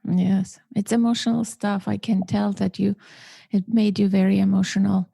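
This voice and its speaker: A woman's voice: medium pitch, flat delivery, normal speed, vocal fry, warm tone, slightly rough. A woman hosting a podcast, giving brief affirming responses to her guest. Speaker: podcast host. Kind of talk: conversational interview hosting.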